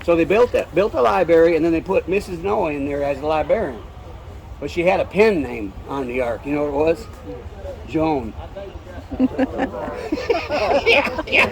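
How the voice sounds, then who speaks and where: A man's voice: on the high side, expressive, normal speed, vocal fry, long pauses, slight background noise, low-quality recording. A man telling old corny jokes in a folksy way at an outdoor festival, chuckling at his own punchlines. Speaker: folk musician and storyteller. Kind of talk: joke telling and singing with guitar at a fair. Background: guitar playing.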